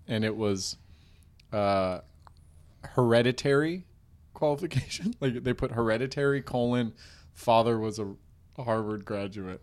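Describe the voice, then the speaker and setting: A man's voice: mid-range voice, unhurried, long pauses, darkish tone. A young man co-hosting a podcast, joking in casual chat and slipping into funny voices. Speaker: podcast co-host.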